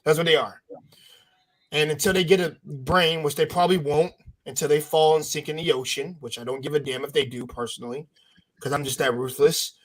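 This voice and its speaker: A man's voice: a little high, steady tone, brisk. Blunt, profane man on a panel. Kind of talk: casual panel chat.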